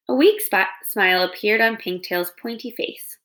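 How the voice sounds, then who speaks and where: A woman's voice: mid-range voice, a little fast, few pauses, a bit bright. A woman reading a children's novel aloud in installments, telling the story expressively. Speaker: reader.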